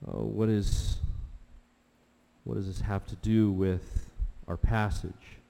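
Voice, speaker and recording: A male pastor preaching a sermon in a big hall, his words ringing out with a long reverb. His voice is very dark and mellow. He tells his story with animated swings between quiet talk and loud exclamations. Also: fairly low pitch, takes it slowly, gravelly.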